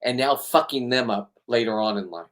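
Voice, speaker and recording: A man's voice: mid-range voice, moderate pace, fairly bright tone. Middle-aged male boat captain, vlog monologue; heated and profane, repeats and restarts. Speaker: spearfishing boat captain and vlogger. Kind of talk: rambling emotional monologue.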